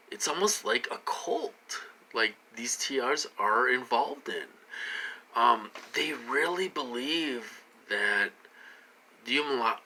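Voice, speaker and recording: A man's voice: lowish voice, sharp tone, rough recording. A man talking to camera in a casual vlog, rambling with many fillers and restarts, his voice rising and dropping with emphasis. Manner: rambling, halting, many fillers and repeated words. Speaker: vlogger.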